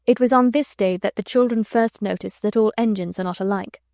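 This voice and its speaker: A woman narrating a classic children's novel as an audiobook, in a gentle storytelling manner. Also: medium pitch, brisk, vocal fry, no echo, clean studio sound. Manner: gentle storytelling, voicing children and adults lightly. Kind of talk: scripted narration.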